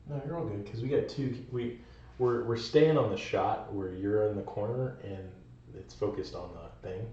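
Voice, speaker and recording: A man's voice: on the low side, moderate pace, darkish tone. A man behind the camera, offhand and reassuring. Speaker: camera operator. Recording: distant, roomy, dull, faint noise.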